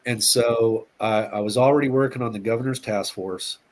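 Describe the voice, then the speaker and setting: A man's voice: mid-range voice, fairly even intonation, normal speed. A middle-aged man, a police officer, telling stories as an interview guest, often repeating words and acting out quotes. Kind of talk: casual storytelling interview.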